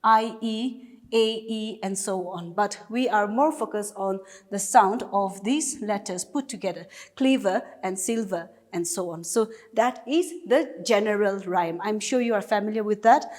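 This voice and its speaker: A woman's voice: medium pitch, moderate pace, hardly any pauses, darkish tone, in a large hall. A woman with a Nagaland accent, teaching an English class and patiently explaining step by step with repeated examples.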